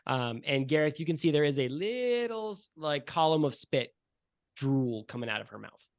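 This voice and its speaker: A man's voice: a little high, sing-song, moderate pace, no echo. Man, game master, descriptive narration, casual fillers, dry close mic. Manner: descriptive, with frequent "um" and "like".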